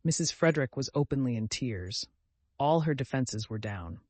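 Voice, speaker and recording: A man narrating an audiobook in a steady, measured reading voice. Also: mid-range voice, no room sound. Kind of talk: scripted narration.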